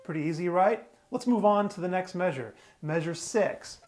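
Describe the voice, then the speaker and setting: A man with a fairly high speaking voice talks a beginner through a fiddle tune one measure at a time. He explains patiently and plainly, with the odd small restart. Loud fiddle playing sits right alongside his talk. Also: normal speed. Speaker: fiddle teacher. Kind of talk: step-by-step music lesson. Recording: fiddle music playing loudly. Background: his own fiddle playing.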